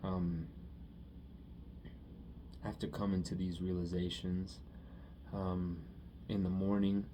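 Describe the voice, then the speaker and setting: A man's voice: sits low, level tone, slow pace, pauses often, warm tone, a little hiss or hum. A young man talking through a casual personal monologue, emotional and profane, often repeating himself. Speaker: vlogger.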